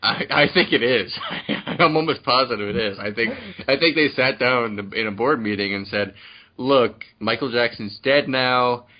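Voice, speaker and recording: A man's voice: medium pitch, a little fast, hardly any pauses, sharp tone. A man co-hosting a podcast, rambling through crude jokes with stammered restarts in casual chat. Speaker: podcast co-host.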